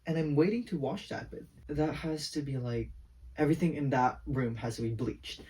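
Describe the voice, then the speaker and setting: A man's voice: fairly high pitch, normal speed, warm tone, far from the mic. A teenage boy venting in a casual rambling vlog, saying "like" constantly. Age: teens. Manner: rambling, heavy use of "like", venting. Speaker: vlogger.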